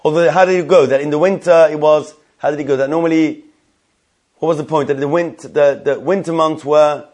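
A man's voice: fairly high pitch, fairly even intonation, a little fast, a little mellow. A man leading a Jewish law class, asking questions aloud and thinking through answers with many fillers. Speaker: Torah class teacher. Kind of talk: Talmudic-style halacha class.

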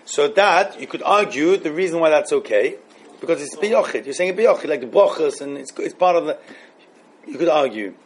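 A man's voice: fairly high pitch, animated, a little fast. A man teaching a religious law class to students, thinking aloud and often repeating himself as he works through questions. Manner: thinking aloud, repeating phrases, mixing Hebrew terms.

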